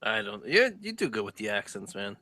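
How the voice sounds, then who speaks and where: A man's voice: lowish voice, big pitch swings, brisk, sharp tone. A man co-hosting a casual talk show, laid-back with brief replies. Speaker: co-host. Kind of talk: casual chat.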